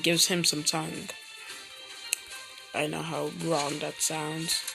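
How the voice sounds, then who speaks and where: A woman tells a rambling fan story in a low, unhurried voice, stopping often to correct herself. Music plays clearly in the background as she talks. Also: level tone, rough recording. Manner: halting, frequent self-corrections. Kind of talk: rambling fan-fiction storytelling while gaming. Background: music playing.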